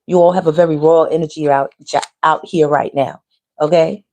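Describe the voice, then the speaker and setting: A woman's voice: sits low, steady tone, normal speed, darkish tone. A woman giving a casual, teasing tarot reading straight to her viewers. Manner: chatty, teasing, talks straight to viewers with slang. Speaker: tarot reader.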